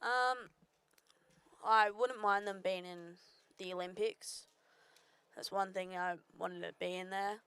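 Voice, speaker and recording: A woman's voice: medium pitch, fairly even intonation, slow, long pauses, fairly bright tone, clean tone, no room sound. A young Australian woman, a bowls player, answering questions hesitantly with frequent ums. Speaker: bowls player being interviewed.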